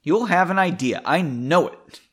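A man voicing Henry, a calm, determined young hero in a fantasy story he reads aloud. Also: fairly high pitch, measured pace, breathy edge, voice pushed up. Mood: urgent. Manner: calm, urgent.

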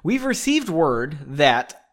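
A man's voice: fairly high pitch, very animated, slow, fairly bright tone, full character voice. A man reading the lines of a stern male knight commander briefing his fighters, in a comedic book reading. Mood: formal.

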